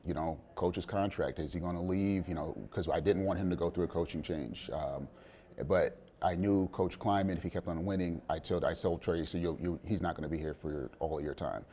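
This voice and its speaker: A middle-aged man with a very low, warm, mellow voice, talking as a guest in a casual sit-down interview. He speaks at an easy pace, full of fillers and restarts. Faint noise sits under the recording. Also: fairly quick. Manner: relaxed, many fillers and restarts, chuckles. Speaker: interview guest, father of a college quarterback.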